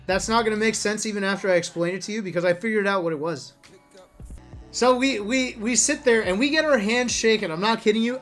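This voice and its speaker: A man with a fairly high speaking voice recounts travel mishaps in a loose vlog monologue. He is animated and profane and laughs often, with faint music playing behind him. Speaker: esports player vlogger. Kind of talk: casual storytelling monologue.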